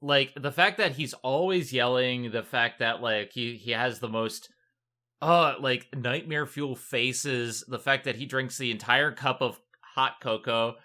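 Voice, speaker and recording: A man co-hosting a casual movie review podcast, talking in an animated, exasperated way with many fillers. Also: mid-range voice, a little slow. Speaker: podcast co-host.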